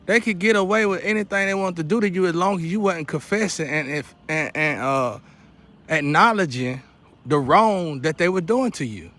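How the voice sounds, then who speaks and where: High-voiced man in an impassioned monologue. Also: normal speed, a bit bright, faint music behind. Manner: preachy, repetitive, building to urgent outcry. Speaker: vlogger. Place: outdoors near a porch.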